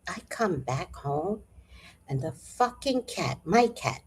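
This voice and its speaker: A woman with a low, husky voice tells a story in a relaxed vlog chat. Her pitch swings widely as she talks, and she takes her time with a slow, drawn-out delivery. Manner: animated, profane, with frequent sighs and throat-clearing. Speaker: vlogger. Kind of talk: casual storytelling.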